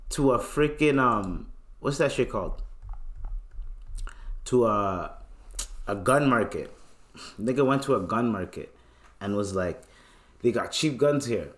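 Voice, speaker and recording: A man's voice: mid-range voice, expressive, measured pace, long pauses, fairly bright tone. A man hosting a podcast alone, ranting loosely with lots of slang and swearing. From Canada. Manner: loose, profane, rambling rant with slang. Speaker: podcast host. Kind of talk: casual solo commentary.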